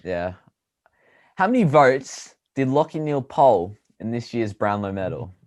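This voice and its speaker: Young aussie bloke cohosting a footy podcast, chill, lots of ums and little laughs. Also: male voice, mid-range voice, lively intonation, unhurried, a little mellow. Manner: laid-back, chuckling, trailing off into fillers. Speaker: podcast co-host. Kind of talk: casual sports chat.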